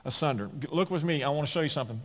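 Male pastor, sermon delivery, fairly high voice, dramatic loud-soft swings, long church reverb. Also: racing. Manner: emphatic preaching with dramatic swings between loud and hushed. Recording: long reverb of a large hall.

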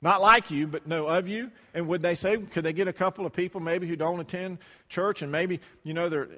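Preaching in a fairly high voice that stays steady, brisk and sharp in tone, this pastor speaks casually to his flock, repeating words and playing out dialogue. Long church-hall reverb trails each line of the sermon.

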